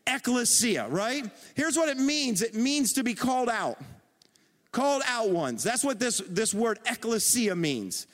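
A middle-aged man preaching a sermon as pastor, animated and calling on the congregation to respond. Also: extremely high pitch. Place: church auditorium. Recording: long reverb of a large hall.

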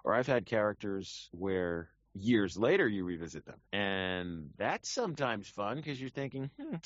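A man's voice: fairly low pitch, lively intonation, unhurried, no room sound, dull audio. A man who works as a professional voice actor, talking casually and animatedly, with frequent restarts and fillers. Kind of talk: casual conversation.

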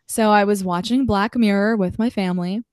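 A young woman co-hosting a podcast in casual chat, animated and emotional, laughing often. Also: medium pitch, brisk, clear, resonant tone. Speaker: podcast co-host.

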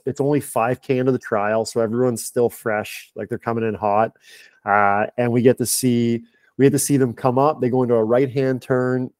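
A man's voice: mid-range voice, a little mellow, dry recording. A man on a podcast as a guest, a performance director, telling a long casual story full of "like". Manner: chatty, lots of filler "like".

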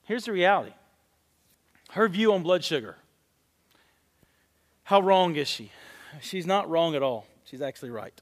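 A man's voice: high-pitched, animated, measured pace, pauses often. A man in his forties, a pastor giving a conversational sermon, candid and telling stories with self-deprecating humor. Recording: long reverb of a large hall.

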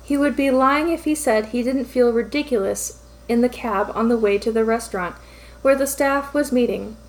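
A woman reading fan fiction aloud as narrator in an even, steady storytelling manner. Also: fairly high pitch, normal speed.

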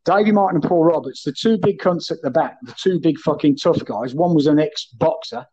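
A man's voice: fairly high pitch, a little fast, warm tone, slightly rough, dull audio. A man telling rowdy, sweary football stories in casual chat, addressing the host by name again and again. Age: 30s then, now older. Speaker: guest, former footballer.

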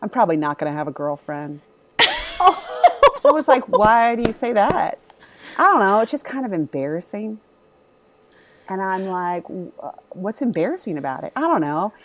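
A woman's voice: mid-range voice, very animated, moderate pace, pauses often, slight background noise. Woman, 30s, mother, candid storyteller, swears a lot. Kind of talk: casual chat.

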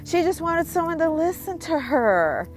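A woman's voice: very high-pitched, big pitch swings, measured pace, faint music behind. A woman giving casual advice in a rambling, conversational monologue full of fillers.

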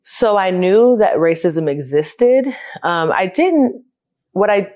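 A woman's voice: mid-range voice, animated, slow, a little mellow. A woman in her thirties from South Florida, telling her life story in an interview in a candid, reflective, conversational way. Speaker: interviewee, childcare business owner.

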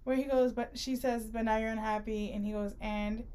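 A woman's voice: a little high, steady tone, a little fast, dark tone, a little hiss or hum. Blunt, opinionated woman podcaster. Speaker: podcast co-host. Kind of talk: casual book-discussion chat.

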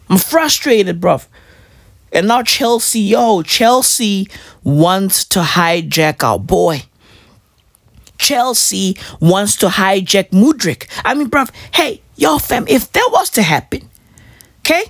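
A woman's voice: mid-range voice, lively intonation, slow pace, vocal fry, no room sound, studio quality. A woman ranting casually as a football fan, slangy and repetitive, pleading over and over. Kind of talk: casual rant to camera.

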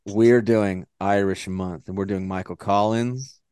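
A man co-hosting a podcast in casual chat, animated and swearing freely as he jokes around. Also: fairly low pitch, measured pace, clear, resonant tone, no echo, studio quality. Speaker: podcast co-host.

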